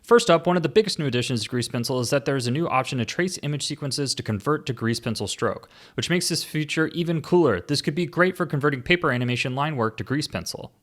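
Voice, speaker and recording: Quick-talking male host with a mid-range voice for a scripted tech rundown, with dry joking asides. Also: medium pitch, lively intonation, a bit bright. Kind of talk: scripted software overview narration.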